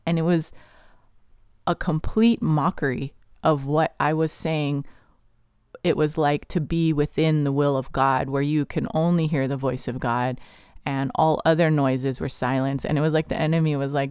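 A podcast host tells a personal testimony in an earnest, vivid way, leaning on casual "like" fillers. The voice is smooth and clean at a mid pitch. It is recorded close in a dry room. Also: steady tone, unhurried, darkish tone, dry recording.

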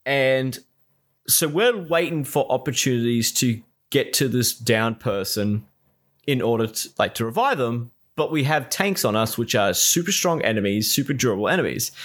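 A man's voice: mid-range voice, animated, normal speed, fairly bright tone. A man co-hosting a casual chat, telling a rambling, exasperated story full of swearing.

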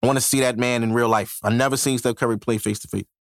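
A man's voice: medium pitch, fairly even intonation, fast talker, a little hiss or hum. A man hosting a casual solo podcast, talking in loose, profane street slang and laughing often between thoughts. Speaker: podcast host. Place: home podcast setup in New York.

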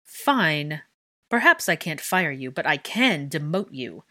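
A woman's voice: deep voice, animated, a bit bright, husky, heavily acted. Woman doing a brusque, arrogant male official. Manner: brusque, slow and clipped.

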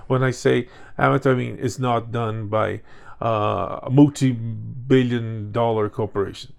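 Gravelly man rambling in casual chat. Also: mid-range voice, fairly even intonation, unhurried. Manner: rambling, lots of restarts and fillers. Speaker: podcast co-host.

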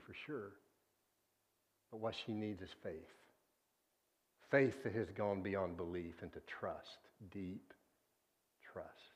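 A man preaching a sermon, earnest and deliberate, often sinking to a hushed low voice on key words. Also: breathy edge.

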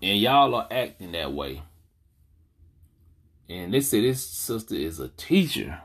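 A man hosting a podcast, talking casually in African American Vernacular English, blunt and indignant, with a habit of asking "you know what I'm saying". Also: fairly low pitch. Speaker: podcast host. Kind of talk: casual commentary monologue.

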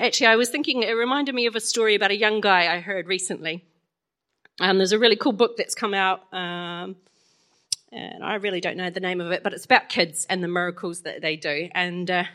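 A woman, preaching a chatty sermon full of stories and quick laughs. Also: medium pitch, bright, forceful tone. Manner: chatty, storytelling, laughs often.

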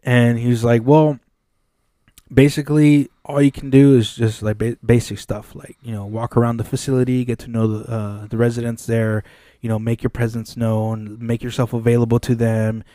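A man with a mellow, warm voice tells a long story in a relaxed podcast chat. He swears freely and acts out what other people said. The sound is dry and close. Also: medium pitch, normal speed, no room sound. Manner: animated, swears often, acts out quoted dialogue. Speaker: podcast co-host. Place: podcast studio.

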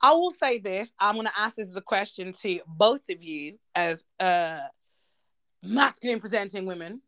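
A woman's voice: medium pitch, normal speed, no echo, clean studio sound. A woman hosting a podcast, chatting casually and teasing her guests with plenty of swearing. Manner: animated, profane, teasing. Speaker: podcast host. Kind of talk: casual chat.

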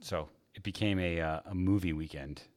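A man's voice: sits low, normal speed, darkish tone. A man in a casual podcast chat, rambling with lots of fillers and frequent laughs. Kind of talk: casual chat about movies.

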